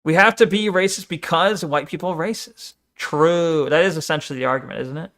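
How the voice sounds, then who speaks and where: A man with a high voice talks casually over a video he is watching. He rambles, mocks and mimics what he hears with a sarcastic edge. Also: fairly quick, fairly bright tone. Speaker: streamer reacting to a debate video. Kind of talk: casual reaction commentary.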